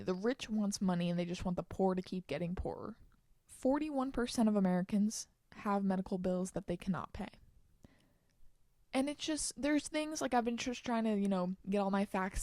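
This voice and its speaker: A young woman hosting her own solo podcast, ranting heatedly with frequent swearing and quick bursts of anger. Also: medium pitch, mellow, no echo, clean studio sound. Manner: heated, swearing, rapid outbursts. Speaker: podcast host.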